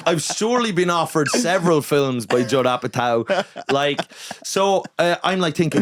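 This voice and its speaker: Irish comedian telling animated anecdotes. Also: male voice, a little high, normal speed, hardly any pauses, no echo, clean studio sound. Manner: animated, swearing, acting out quotes in his anecdotes. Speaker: comedian, podcast guest. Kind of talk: casual storytelling chat.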